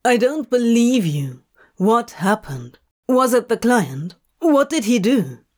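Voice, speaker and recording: A woman reading the lines of a blunt, swearing man in a slow, curt drawl. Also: fairly high pitch, big pitch swings, a little mellow, exaggerated voice. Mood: alarmed.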